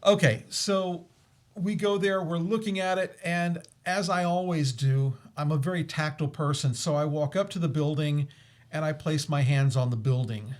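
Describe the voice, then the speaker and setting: A man's voice: fairly high pitch, steady tone, moderate pace. A man hosting a casual talk, telling a ghost story with many fillers and restarts and frequent laughs. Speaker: host.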